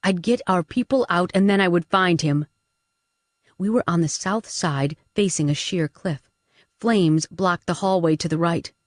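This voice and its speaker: A woman reading a first-person action novel aloud as an audiobook narrator, dramatic and lively in the fight scenes. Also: measured pace, no echo, studio quality. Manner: dramatic, pushes character shouts high and loud.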